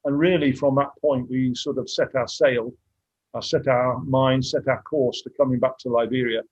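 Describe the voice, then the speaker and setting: A man's voice: mid-range voice, fairly even intonation, normal speed, slightly rough, no room sound, dull audio. A man in his sixties, a mission dentist, telling his story candidly and reflectively, sometimes moved. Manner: candid, reflective, getting emotional at times. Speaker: guest speaker, mission dentist. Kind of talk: casual storytelling on a video call.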